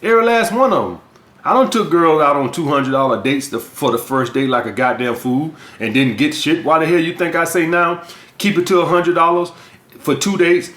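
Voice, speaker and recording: A man's voice: fairly high pitch, moderate pace, fairly bright tone. A man from the US South with a Southern accent, giving blunt, profane dating and sales advice as a coach in a vlog monologue. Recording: echoey room.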